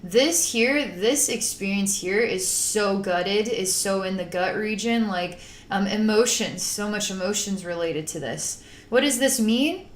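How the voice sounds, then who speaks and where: In an echoey room, a woman psychic channeler talks through a spiritual healing session, rambling and emotive, sometimes acting out panicked voices. Her voice is mid-range and unhurried.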